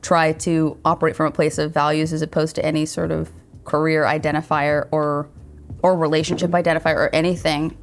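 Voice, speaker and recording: A woman's voice: low voice, little pitch movement, brisk, a little hiss or hum. A woman in her thirties, a writer being interviewed, speaking earnestly and thoughtfully with frequent restarts. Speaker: guest, writer and showrunner. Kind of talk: reflective interview conversation.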